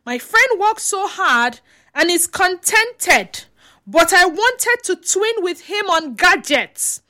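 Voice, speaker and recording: A woman's voice: very high voice, lively intonation, slow, sharp tone. A Nigerian woman giving chatty vlog commentary, mixing in pidgin and throwing out rhetorical questions. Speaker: social media commentator.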